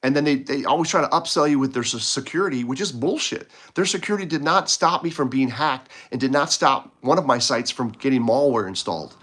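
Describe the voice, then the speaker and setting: A frustrated man vents straight into the camera in a loose, rambling rant. His voice sits at an ordinary middle pitch, but it jumps up sharply whenever he gets indignant. He stumbles and restarts his sentences as the complaints pile up. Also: fairly quick, hardly any pauses, a bit bright. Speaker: video blogger. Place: home in Poland.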